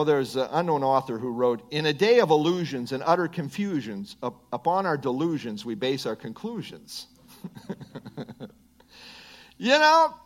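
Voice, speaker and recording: A man's voice: fairly high pitch, fairly bright tone. A man teaching through a Bible passage verse by verse, emphatic and chatty, with frequent asides and chuckles.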